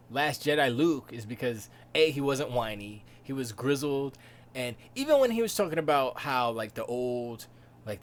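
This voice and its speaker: Joking man chatting on a live stream. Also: medium pitch. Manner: joking, slips into voiced impressions. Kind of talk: casual live stream chat.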